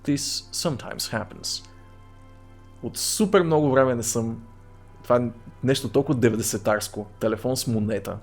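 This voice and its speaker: A man's voice: medium pitch, fairly quick, soft background music. A man streaming a game, reading its text aloud and chatting. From Bulgaria. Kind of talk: live-stream game narration and chat.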